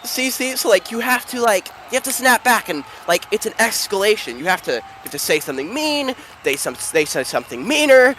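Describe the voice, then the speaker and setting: Animated game master, rambly and filler-heavy, high lively voice. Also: male voice, a little fast, few pauses, noisy background. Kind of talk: narrating a tabletop game.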